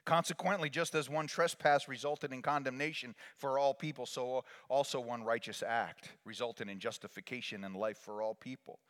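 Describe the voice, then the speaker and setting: A man preaching a sermon as pastor, swinging from hushed lines to loud calls for the congregation to repeat after him. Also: mid-range voice, fairly even intonation, moderate pace, hardly any pauses. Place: church sanctuary. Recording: long reverb of a large hall.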